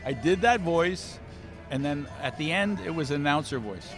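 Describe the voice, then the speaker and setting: Lively guy telling funny stories, voice jumping around, music going behind him. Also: on the high side, moderate pace. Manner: animated, joking storyteller. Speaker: guest. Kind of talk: casual interview chat. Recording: music playing in the background.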